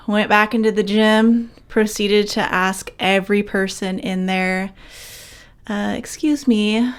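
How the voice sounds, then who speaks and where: Middle-aged woman, slow unhurried pace, wry self-deprecating storyteller, casual podcast. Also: medium pitch.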